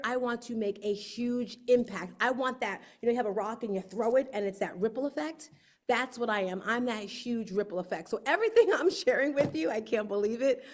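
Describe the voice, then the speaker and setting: A woman hosting her book launch on a livestream, telling lively stories and acting out quotes. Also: on the high side. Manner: lively storyteller, acts out quotes. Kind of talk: casual livestream talk.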